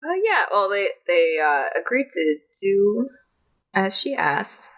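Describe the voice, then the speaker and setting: A woman's voice: mid-range voice, sing-song, takes it slowly, fairly bright tone, rough recording. Rambling, giggly woman player. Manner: rambling, giggly, many fillers. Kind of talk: tabletop game play.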